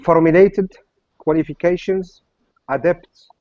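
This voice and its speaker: A man's voice: on the high side, measured pace, warm tone, no echo, highs cut off. A male student in an online English class, carefully reading and repeating words after his teacher.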